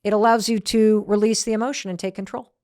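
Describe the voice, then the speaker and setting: A middle-aged woman hosting a motivational podcast, telling a story with emphatic, energetic delivery. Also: medium pitch, fast, no echo, clean studio sound. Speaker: podcast host. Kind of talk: motivational talk.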